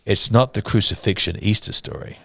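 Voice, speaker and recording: Middle-aged male co-host, very deep and dry, a dramatic storyteller. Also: brisk, vocal fry, a bit bright, no room sound. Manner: dramatic storyteller, acts out quotes. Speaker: church podcast co-host. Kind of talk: casual storytelling chat.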